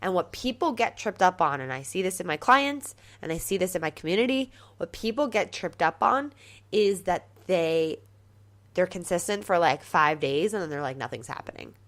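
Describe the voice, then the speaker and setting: A woman's voice: lowish voice, expressive, normal speed, fairly bright tone. A woman hosting her own podcast as a life coach, chatting casually in a bubbly, gushing way, with many fillers and an upbeat, motivational tone.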